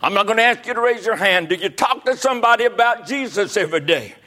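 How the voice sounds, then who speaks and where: Older male preacher, high and bright, fervent, swinging from shouts to near whispers. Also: lively intonation, fast talker. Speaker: pastor. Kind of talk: sermon.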